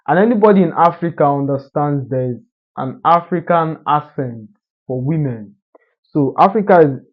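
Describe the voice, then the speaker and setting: A man giving an assertive, emphatic motivational monologue in a lecturing manner. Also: medium pitch. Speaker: social media commentator. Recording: dull lo-fi recording.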